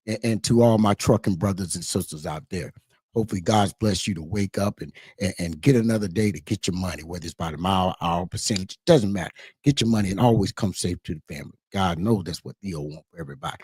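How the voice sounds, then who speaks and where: A man's voice: deep voice, animated, fast, darkish tone, slightly rough, dry recording, clean studio sound. A middle-aged man, talking casually and preachily to his listeners about everyday issues, asking them rhetorical questions. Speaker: trucker commentator. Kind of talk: casual monologue.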